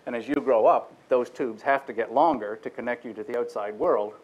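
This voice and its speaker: A man's voice: medium pitch, a little fast, breathy edge, muffled recording. A man lecturing on a technical subject, explaining step by step and demonstrating vowel sounds with his own voice. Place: lecture room.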